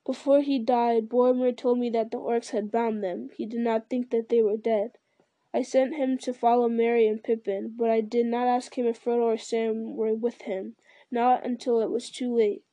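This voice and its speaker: A woman's voice: fairly high pitch, level tone, normal speed, dark tone, dry recording, lightly acted. A woman voicing a grave, burdened male ranger and leader, speaking in a solemn, weary way.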